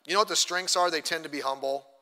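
A man's voice: fairly high pitch, fast, bright, forceful tone. A middle-aged man, a pastor, teaching a church class in a chatty, self-deprecating way and acting out little quotes. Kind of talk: conversational sermon teaching. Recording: long church hall reverb.

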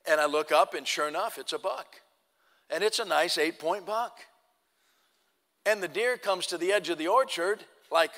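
This preacher's voice is high-pitched, pushed and bright, moving at a moderate pace in a hall with long reverb. His sermon features a folksy story where he plays both parties in the dialogue.

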